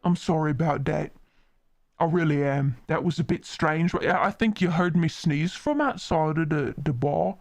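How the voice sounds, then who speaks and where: A woman voicing a calm, guarded man at a bar, reading game dialogue in a measured, patient way. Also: medium pitch, voice pushed down. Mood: apologetic. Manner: measured, explaining himself patiently.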